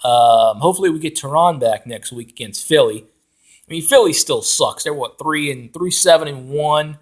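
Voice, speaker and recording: A man ranting as a football fan, loud and profane, with lots of fillers and restarts. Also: a little high, normal speed. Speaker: fan commentator.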